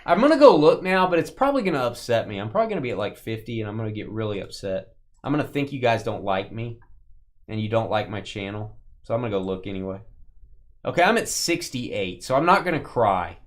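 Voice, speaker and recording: A man's voice: on the low side, sing-song, fast. A man hosting a live stream where he opens sports cards, chatty and joking, calling out viewers by name. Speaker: live card break host. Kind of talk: live stream chat while opening cards.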